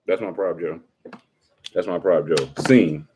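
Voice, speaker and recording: A man casually chatting with his livestream viewers, joking around and breaking into quick impressions. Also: sits low, mellow, slightly rough.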